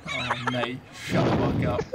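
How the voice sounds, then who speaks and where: A man's voice: medium pitch, wildly swooping pitch, normal speed, heavy background noise. A young man bantering and swearing with friends while gaming, mocking them and laughing often. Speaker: gaming channel host. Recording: loud game music behind.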